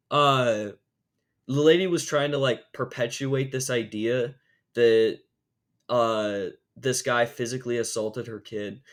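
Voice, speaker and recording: A young man vlogging, telling a story in a rambling, casual way with lots of filler words. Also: medium pitch. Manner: rambling, animated, lots of "like" fillers, acts out quotes.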